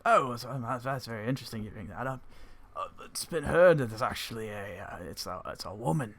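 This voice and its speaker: A man voicing a gruff male forge worker who keeps drawling "aye, aye". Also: mid-range voice, lively intonation, fairly quick, fairly bright tone. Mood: chatty.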